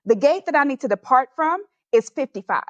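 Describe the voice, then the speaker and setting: Podcast guest: a high-pitched woman, animated and laughing as she tells her story, on a dull, dry recording. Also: brisk, dry recording. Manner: animated, laughs often while telling. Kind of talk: personal storytelling in an interview.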